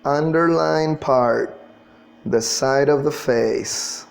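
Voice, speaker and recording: A man's voice: fairly high pitch, drawn-out words, vocal fry. A man teaching an English class, patiently drilling pronunciation and spelling words out letter by letter. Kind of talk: classroom lesson.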